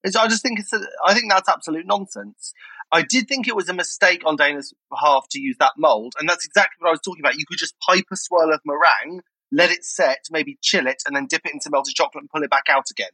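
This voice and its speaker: Fast, bright-voiced opinionated man. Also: fairly high pitch, dry recording, poor audio. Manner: opinionated, emphatic, talks in quick bursts. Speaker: podcast co-host. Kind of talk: casual chat.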